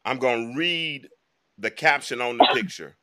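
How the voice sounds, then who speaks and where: A man's voice: medium pitch, normal speed, sharp tone, clear, resonant tone. A man hosting a live online talk show, giving casual, emphatic commentary and speaking straight to his viewers. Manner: chatty, emphatic, addresses viewers directly.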